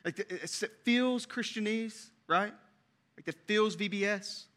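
A young adult man preaching a sermon as pastor, energetic and conversational, with frequent restarts. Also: high voice, a little slow.

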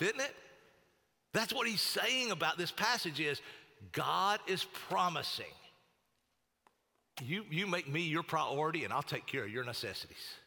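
A man's voice: a little high, pushed and bright, big-room sound. A male pastor preaching a sermon in a conversational yet emphatic way, often repeating key phrases for weight.

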